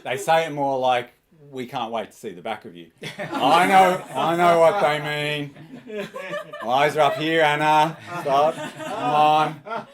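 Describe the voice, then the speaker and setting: A man doing a stand-up comedy set, awkward and self-mocking, who keeps laughing at his own jokes. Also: medium pitch. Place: small comedy club.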